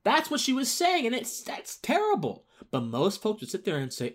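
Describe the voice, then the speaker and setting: A man's voice: high-pitched, wildly swooping pitch, moderate pace, hardly any pauses. A man hosting a casual political monologue, rambling with restarts and rising into emphatic outbursts. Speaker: political commentary host.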